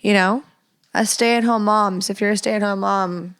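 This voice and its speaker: A young adult woman hosting a candid solo podcast, frank and playful, with whispered asides and sudden high squeals. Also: steady tone, unhurried, a bit bright, smooth. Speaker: podcast host.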